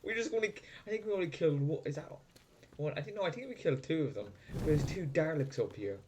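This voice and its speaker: A man giving panicked gameplay commentary, yelling and swearing one moment and muttering to himself the next. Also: a little high, expressive, quick pace. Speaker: gaming video creator. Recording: loud background noise with clicks.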